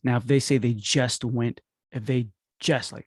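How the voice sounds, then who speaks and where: Man, casual instructional talk, energetic, quick voice shifts, dry close-mic sound. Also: medium pitch, slightly rough, no room sound. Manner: energetic, acts out phone calls with quick voice shifts. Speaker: podcast host teaching dental marketing.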